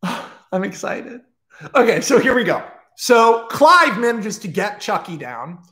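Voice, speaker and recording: Excitable, high-voiced man pitching a movie. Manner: excitable, profane, fast bursts with restarts. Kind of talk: casual livestream story pitch.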